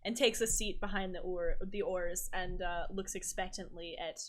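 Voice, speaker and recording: A woman's voice: fairly low pitch, fairly even intonation, normal speed. A woman narrating as game master of a tabletop game, rambling and self-correcting as she goes.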